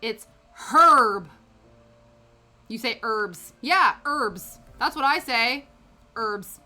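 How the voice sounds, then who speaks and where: British woman, casual stream chat, chatty and laughing, slightly high voice, sharp bright tone, soft music underneath. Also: animated, takes it slowly. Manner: chatty, reacts aloud to chat with frequent laughter. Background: faint background music.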